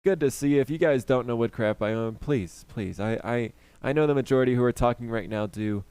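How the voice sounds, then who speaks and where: A man's voice: medium pitch, a little fast, dark tone, clear, resonant tone, dry recording. A young man chatting casually on a live stream, greeting viewers by name and rambling with fillers and restarts.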